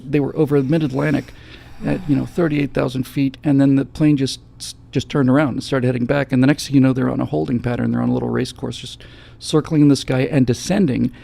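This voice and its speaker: A male host telling a story in relaxed, conversational talk, acting out the moments as he goes. His voice is heavily gravelly and dark, with a husky, breathy grain. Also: mid-range voice, brisk, few pauses. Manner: animated storyteller, acts out scenes. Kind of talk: casual storytelling chat.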